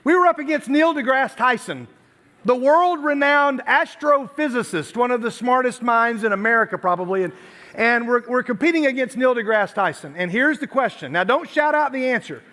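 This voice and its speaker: A man's voice: very high-pitched, animated, normal speed, bright, forceful tone. A man from Tennessee giving a youth sermon, chatty and storytelling, with self-deprecating asides. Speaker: youth pastor.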